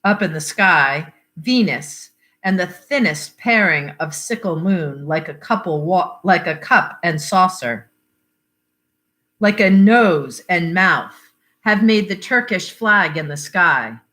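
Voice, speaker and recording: A woman reading a literary short story aloud in a measured, expressive way. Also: lowish voice. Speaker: library reader.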